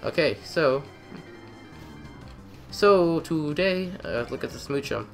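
A young man giving excitable let's-play commentary, trash-talking the game and repeating phrases in quick bursts. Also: a little high, gravelly, faint music behind. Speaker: gamer.

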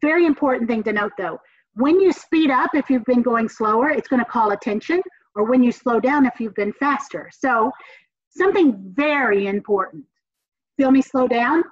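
A communications professor from the Southern United States, speaking with a Southern American accent, gives an energetic, encouraging classroom lecture full of emphatic repetition. Her voice is on the high side at normal speed, captured in a dull, dry lo-fi recording with no echo.

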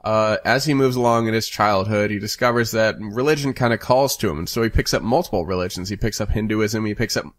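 A man's voice: fairly low pitch, quick pace, few pauses, dry recording. A young man reading a novel aloud, then recapping it in loose, casual talk full of fillers. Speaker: book reader and summarizer. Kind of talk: casual read-aloud with chatty summary.

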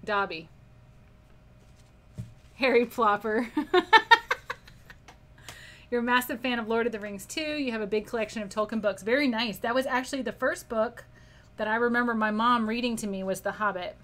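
Fairly high-pitched and a bit bright, her voice moves fairly quickly with fairly even intonation. The art instructor keeps her live painting lesson casual, laughing often as she reads viewer comments aloud.

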